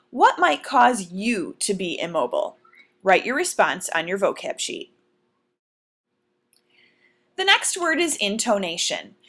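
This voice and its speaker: A woman teacher walks through vocabulary words in a recorded lesson, speaking clearly and deliberately. Her pitch rises and falls a lot as she explains, and she keeps turning to her students with questions. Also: fairly bright tone.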